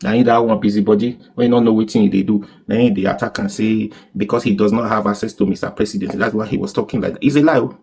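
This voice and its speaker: A man with a Nigerian accent giving animated political commentary, firing off rhetorical questions and slipping into Pidgin. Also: on the low side, fast, gravelly, few pauses.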